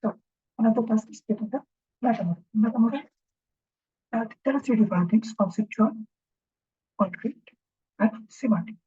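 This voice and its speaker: In an informal recorded lecture, a female instructor works through a lesson in a breathy, husky voice that's a little high yet dark and mellow. Halting and thinking aloud, she pauses to check in with the class and often finishes points with a questioning "right?". The recording sounds dull and lo-fi.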